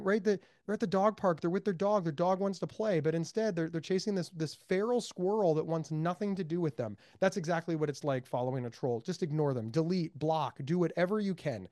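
An American man being interviewed as a mental health advocate, speaking emphatically and with high energy, repeating words for stress. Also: fairly quick, a little mellow, dry recording, studio quality. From United States. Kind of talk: animated interview talk.

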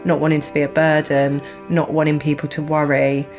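A woman hosting a casual podcast conversation, animated and quick to laugh. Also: sits low, music in the background. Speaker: podcast host.

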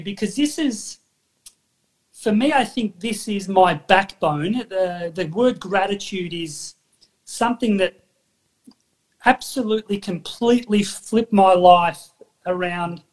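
High-voiced podcast host. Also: male voice. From Australia. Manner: enthusiastic, encouraging, backchannels often. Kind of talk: casual interview chat.

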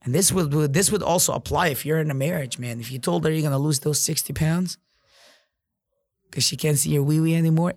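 Male podcast host, slightly high and gravelly, blunt, profane motivational monologue, dry close sound. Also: fairly quick, darkish tone, dry recording. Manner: blunt and profane, heavy use of "like" and "you know". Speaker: podcast host and business owner.

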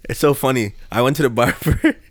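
A young man on a podcast, telling a long story in a laid-back, rambling way, with laughs that jump high. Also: fairly quick, dry recording, studio quality. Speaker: podcast host. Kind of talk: casual storytelling chat.

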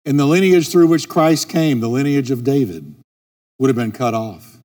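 A man's voice: medium pitch, lively intonation, moderate pace. A middle-aged man preaching a sermon as a pastor, driving his points home by repeating key phrases. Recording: long reverb with soft music.

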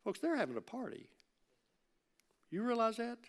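A man preaching a sermon in a church, in a conversational way that swings from loud emphatic peaks to soft low asides and jokes with the congregation. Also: wildly swooping pitch, moderate pace. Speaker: pastor.

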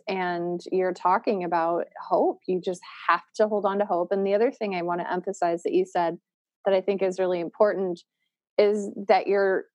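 This podcast host, a woman with a mid-range, darkish voice, thoughtfully sums up her guest's points and asks probing questions in a reflective interview. The recording has no room sound.

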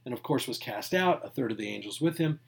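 A man's voice: mid-range voice, animated, quick pace, creaky. A man, a pastor, preaching a sermon in a conversational way, stressing key words and dropping to near-whispered asides. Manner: emphatic, swinging from loud to near-whispered asides; conversational, with restarts and small laughs.

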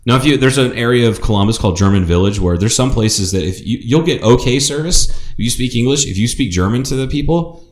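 A man's voice: mid-range voice, lively intonation, fast talker. A man from Ohio co-hosting a podcast, telling stories in casual chat and swearing freely. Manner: profane, storytelling, swears freely. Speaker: podcast co-host. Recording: roomy echo.

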